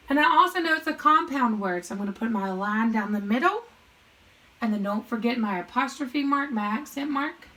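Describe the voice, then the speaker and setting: Woman, phonics teacher, bright clear tone, slightly high voice, slow patient sounding-out, thinks aloud at the board. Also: rough recording. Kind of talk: recorded classroom lesson.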